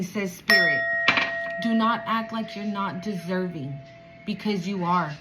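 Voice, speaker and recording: A woman giving a channeled spiritual reading to viewers, emotional and animated, swearing casually. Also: medium pitch, slight background noise, rough recording. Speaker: spiritual reader.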